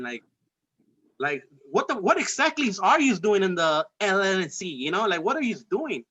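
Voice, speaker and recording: A man hosting a political podcast speaks in a high, very animated voice that is pushed, bright and husky, at a moderate pace. The casual chat is heated and profane, and he rambles with many restarts, captured on a dull lo-fi recording.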